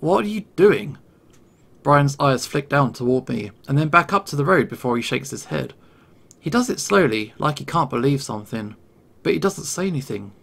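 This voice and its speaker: A man narrating a first-person story in a tense, measured way. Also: medium pitch, creaky, fairly bright tone.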